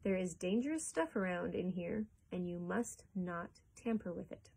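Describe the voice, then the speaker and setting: A woman reading aloud voices a calm, eccentric male chocolate maker in a storybook. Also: fairly low pitch, moderate pace, creaky, slightly rough, heavily acted. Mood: warning.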